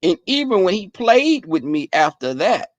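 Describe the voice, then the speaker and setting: A man hosting a live stream, casually telling stories to his chat in a profane, animated way, often breaking into laughter. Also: high-pitched, normal speed, dry recording.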